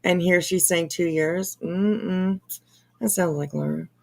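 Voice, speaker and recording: A woman hosting gossip commentary, mocking someone online and often trailing off into soft, whispered asides. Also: lowish voice, fairly even intonation, slow, vocal fry. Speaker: commentary channel host.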